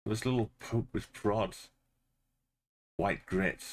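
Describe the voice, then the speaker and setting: A man's voice: lowish voice, slow, slight background noise. A man streaming a geography game, casually muttering place names and making playful asides. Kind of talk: casual live-stream commentary while playing.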